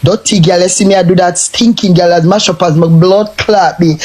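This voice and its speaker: A man's voice: sits high, steady tone, moderate pace, hardly any pauses, darkish tone, poor audio. A man with a Jamaican accent, ranting and taunting in a cursing live stream tirade.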